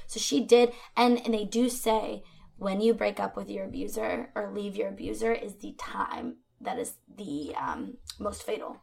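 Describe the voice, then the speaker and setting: A woman with a gravelly, fry-laden voice narrates a true crime case for a podcast. She talks in a conversational way, with frequent fillers and asides to her co-host, at a middling pitch. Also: lively intonation, a little slow, darkish tone.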